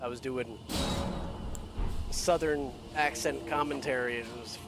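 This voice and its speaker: A man's voice: mid-range voice, steady tone, a little slow, over music. A man chatting casually about a game in an easygoing way, often trailing off uncertainly. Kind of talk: casual gaming chat.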